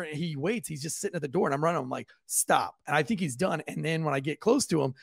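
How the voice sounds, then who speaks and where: A man, a police officer, casually telling a profane, lively story on a podcast and acting out the voices of the people in it. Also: a little high, creaky, breathy edge, no room sound.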